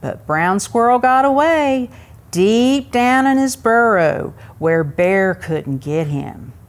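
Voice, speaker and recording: A woman reading a picture book aloud to young children at a museum story time, pausing to ask them questions. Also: medium pitch. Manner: asks young listeners questions, expressive.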